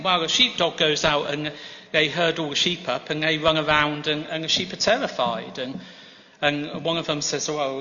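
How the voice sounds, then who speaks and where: A man preaches a sermon in a large church, with a bright, fairly high voice that rings out into a long hall reverb. He tells his stories gently, with self-deprecating humor, and the recording sounds a little dull and muffled. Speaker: guest preacher.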